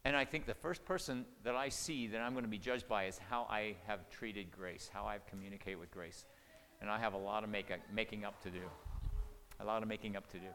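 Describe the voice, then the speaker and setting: A man's voice: lowish voice, steady tone, brisk, sharp tone, long reverb tail, slight background noise. An older man leading a marriage-preparation seminar, teaching in an earnest, folksy, conversational way with frequent "okay?" check-ins.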